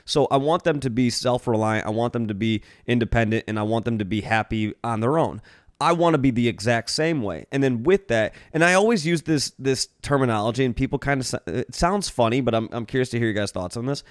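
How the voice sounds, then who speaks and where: A man's voice: medium pitch, a little fast, no echo, studio quality. Chatty man explaining at length. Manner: rambling, explanatory, lots of "right?". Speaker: podcast co-host. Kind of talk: casual chat.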